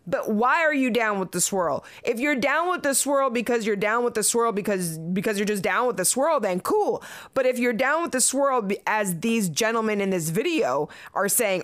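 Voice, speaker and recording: A woman's voice: a little high, expressive, normal speed, a bit bright. A woman in her late thirties giving casual commentary as a vlogger, blunt and profane, often breaking into laughter between remarks. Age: late 30s.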